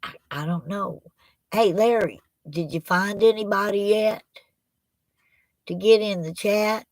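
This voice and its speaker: Slow, folksy woman streaming. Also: mid-range voice, dry recording. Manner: folksy, rambling, talks to the chat. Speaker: livestream host. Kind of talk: casual live-stream chat. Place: at home with a laptop. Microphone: laptop microphone.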